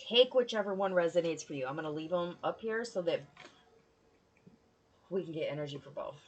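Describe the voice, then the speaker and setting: A woman's voice: fairly low pitch, expressive, fairly quick, lo-fi sound. A woman giving a casual tarot reading, talking bluntly and swearing freely in a chatty way. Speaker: tarot reader.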